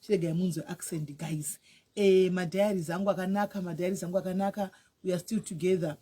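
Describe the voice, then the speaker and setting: Woman host of a live stream, husky voice, chatty and encouraging, code-switching freely. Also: fairly low pitch, fairly even intonation, brisk, dark tone. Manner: chatty, repeats words, coaxing. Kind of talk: casual live-stream interview mixing Shona and English.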